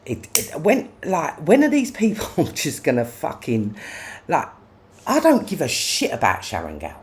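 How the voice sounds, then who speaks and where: Angry ranter, wildly swinging pitch. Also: wildly swooping pitch, measured pace, a little hiss or hum. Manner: profane, confrontational, repeats "yeah?". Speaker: livestreamer. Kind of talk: angry livestream rant.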